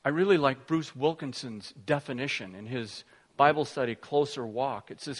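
A man's voice: medium pitch, normal speed, long reverb tail. A middle-aged man preaching a sermon, telling a family story with many restarts and fillers. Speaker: pastor.

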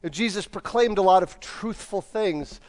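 A man's voice: sits high, normal speed, darkish tone. A man preaching a sermon in a church, talking in a casual, conversational way and acting out the lines he quotes. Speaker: pastor.

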